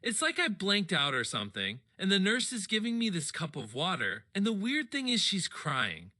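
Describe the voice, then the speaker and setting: An expressive man narrates a story in the first person. His voice runs high and swings widely. The tone is very bright and sharp. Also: moderate pace. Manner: animated, expressive. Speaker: audiobook reader.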